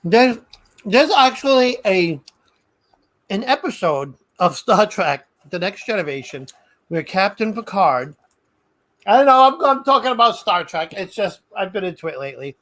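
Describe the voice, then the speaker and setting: A woman's voice: mid-range voice, animated, a bit bright, poor audio. A woman co-hosting a casual podcast chat, speaking thoughtfully and repeating words as she gathers her thoughts. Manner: slow, thoughtful, stumbles over repeated words. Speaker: podcast co-host.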